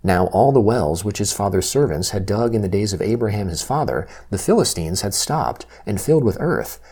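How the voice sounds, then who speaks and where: A man reads scripture aloud with a measured, steady delivery. His voice sits a little low and has a mellow, warm tone. There is a soft husky grain to it. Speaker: scripture reader. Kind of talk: scripture reading.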